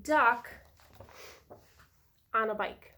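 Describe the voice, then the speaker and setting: A woman who is a preschool teacher, reading a picture book aloud to young children in a slow, sing-song storytelling voice. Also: on the high side, sharp tone.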